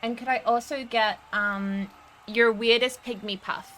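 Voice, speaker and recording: An Australian woman with a bright, sharp voice speaks in character as a tabletop game player. She talks hesitantly, filling gaps with ums and likes. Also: on the high side, fairly even intonation, measured pace, a little hiss or hum, low-quality recording. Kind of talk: in-character role-play.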